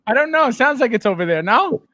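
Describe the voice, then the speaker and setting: A man's voice: extremely high pitch, pushed and bright, dry recording. A man hosting a casual livestream, greeting viewers by name and laughing often. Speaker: podcast host.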